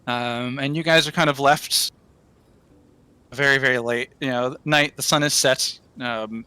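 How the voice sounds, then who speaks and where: A man narrating as game master of a tabletop game, with a bright, forceful voice. He talks in a halting way, full of fillers and restarts, at a middle pitch. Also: steady tone, clean tone, no echo.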